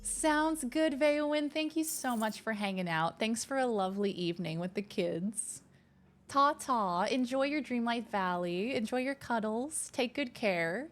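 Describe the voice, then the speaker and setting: A woman's voice: on the high side, lively intonation, moderate pace, hardly any pauses, faint music behind. A woman streamer chatting casually and thanking viewers in a bubbly, talkative way. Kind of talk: casual live-stream chat.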